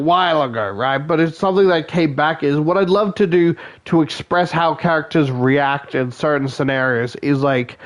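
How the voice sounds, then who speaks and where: A young man chatting casually late at night, tired and loopy, rambling and self-mocking, filling his talk with "like" and "right?". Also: on the high side. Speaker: gaming video creator.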